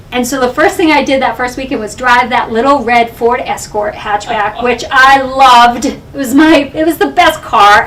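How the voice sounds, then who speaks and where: Woman telling her story, mic far off. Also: a little high. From Massachusetts. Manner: animated storyteller, often laughing. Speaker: author giving a library talk. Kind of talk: personal storytelling talk. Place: library meeting room. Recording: distant mic, faint room noise.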